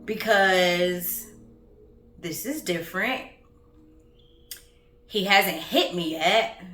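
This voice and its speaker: A woman recounting her own story in an earnest, reflective way, halting often with pauses and fillers. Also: fairly low pitch, sharp tone, reverberant, faint music behind. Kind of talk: personal storytelling.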